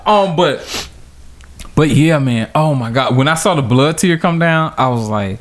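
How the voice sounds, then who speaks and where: A man co-hosting a casual podcast, telling a childhood story with lots of laughter and acted-out quotes. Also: unhurried. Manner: animated, laughs often, acts out quotes in high voice. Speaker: podcast co-host.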